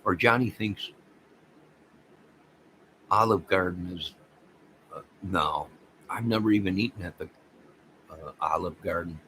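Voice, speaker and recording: Man, very low voice, rambling livestream chatter, excitable, faint background hum. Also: unhurried, long pauses, poor audio. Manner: rambling, excitable, talks to viewers by name. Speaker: livestream host reading chat. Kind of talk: casual livestream chat.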